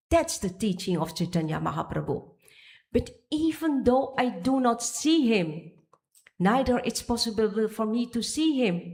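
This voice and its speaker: A woman's voice: fairly high pitch, big pitch swings, a little slow, darkish tone. Woman giving a devotional temple lecture. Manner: searching for pages, restarting phrases. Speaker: speaker giving a temple class. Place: temple hall.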